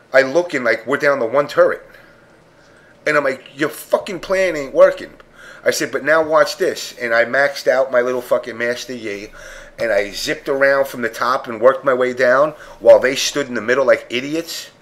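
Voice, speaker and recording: A man's voice: mid-range voice, normal speed, fairly bright tone. A man on a podcast panel telling a story in casual chat, blunt and profane, acting out what people said. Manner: profane, blunt, acts out quotes.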